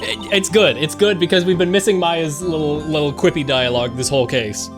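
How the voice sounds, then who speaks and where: A man's voice: a little high, fairly quick. A man streaming a game, joking and swearing casually as he reads the dialogue aloud. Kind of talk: casual let's-play commentary, reading game dialogue aloud. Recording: game music playing under voice. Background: game music.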